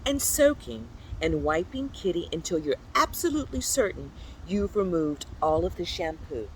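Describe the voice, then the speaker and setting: Children's book read-aloud, playful storyteller, lively swooping pitch, faint background noise. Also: normal speed, low-quality recording. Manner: playful, animated read-aloud with high squeaky exclamations.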